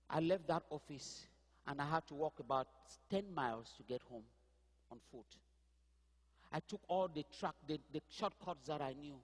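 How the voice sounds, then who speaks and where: A man from Cameroon preaching a sermon, telling his own story, with quiet asides and sudden loud outbursts. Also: on the high side, normal speed, long reverb tail. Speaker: pastor. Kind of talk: sermon testimony.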